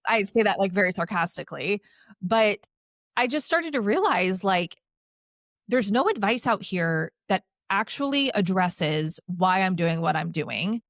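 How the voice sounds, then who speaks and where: A woman in her thirties speaks as a podcast guest in a middle-pitched voice, casual and animated, filling her sentences with "like." She slips into sarcastic asides as she talks. The close mic sounds dry, with no room echo. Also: unhurried. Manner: chatty, heavy use of "like", animated with sarcastic asides. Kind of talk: casual conversational storytelling.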